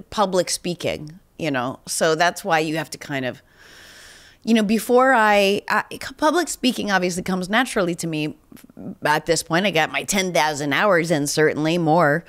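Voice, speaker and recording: On the low side and fairly bright, the woman's voice carries a slight nasal quality that hints at a cold. She's a podcast host answering voicemails in a casual chat, rambling and self-deprecating, with many restarts and plenty of laughs.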